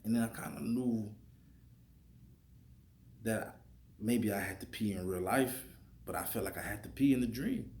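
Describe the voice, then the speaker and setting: Low-voiced man telling a dream story in an echoey room, animated, acting out his own lines. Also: normal speed, pauses often. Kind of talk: casual storytelling. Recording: echoey room with faint noise.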